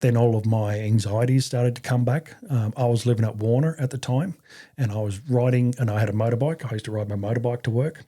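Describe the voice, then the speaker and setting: A middle-aged man with an Australian accent, speaking as a podcast guest. His voice is mellow and warm, and sits at an ordinary pitch. He stumbles through restarts and fillers and swears bluntly as he tells his story. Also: fairly quick. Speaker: podcast guest, army veteran. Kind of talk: casual conversational storytelling.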